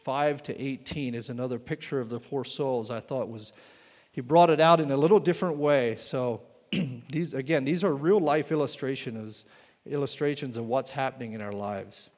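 A man preaching a sermon as pastor, earnest and repeating words as he searches for them, sometimes clearing his throat. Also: medium pitch, moderate pace, darkish tone, big-room sound.

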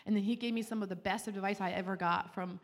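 A woman tells her personal story of faith at an ordinary pitch, earnest and heartfelt, and she often restarts her sentences. Her voice rings with a long reverb, as if it were recorded in a large hall. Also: steady tone, fast, creaky. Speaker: speaker giving a Christian testimony.

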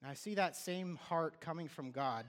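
A man's voice: a little high, normal speed. A man preaching a sermon in a loose, conversational way, often restarting his sentences and acting out what people say. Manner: conversational, with restarts and acted-out quotes. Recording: long hall reverb.

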